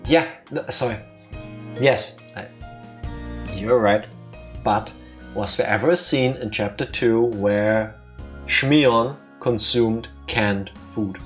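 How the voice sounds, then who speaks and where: A man co-hosting a let's play, chatting casually and thinking out loud, often restarting his sentences. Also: lowish voice, slow pace, long pauses, soft background music. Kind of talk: casual chat while playing.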